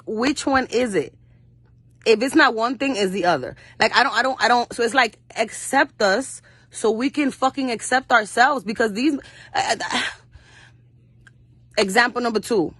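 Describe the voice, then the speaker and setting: A woman's voice: on the high side, normal speed, a bit bright, breathy edge, no room sound. A young woman, an actress speaking as a guest in an interview, telling personal stories bluntly and fiercely, cursing often and acting out other people's voices. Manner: blunt and fiery, with frequent cursing; acts out quoted voices of her mother and others. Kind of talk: passionate storytelling in an interview.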